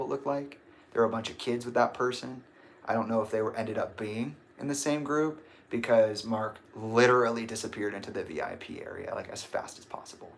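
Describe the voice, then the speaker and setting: A man ranting casually on a livestream, swearing and emphatic, with sudden bursts of shouting. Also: mid-range voice. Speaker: livestream host.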